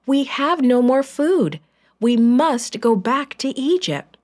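A woman's voice: sits high, lively intonation, slow, a little mellow, voice pushed up. Anxious pleading brothers, voiced by a woman. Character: worried adult brothers pleading together.

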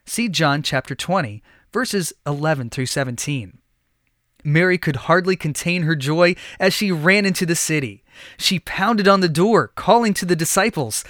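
A man narrating a Bible story in an expressive, scripted storytelling style. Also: fairly high pitch, normal speed, dry recording, studio quality.

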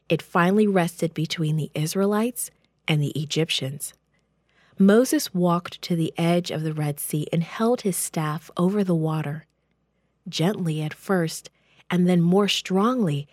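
A woman reading a children's Bible story aloud in a gentle, expressive storytelling voice. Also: lowish voice, no room sound, clean studio sound.

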